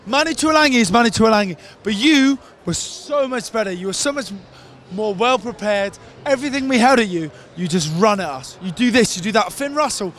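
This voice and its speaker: An angry rugby fan swears and shouts through a street interview outside a stadium. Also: male voice, extremely high pitch. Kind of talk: vox pop rant.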